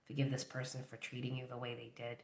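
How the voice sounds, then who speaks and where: A tarot reader gives a collective reading, speaking directly to the viewer with steady encouragement and affirmation. The voice sits at a middling pitch. The recording has a noticeable room echo. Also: quick pace, vocal fry.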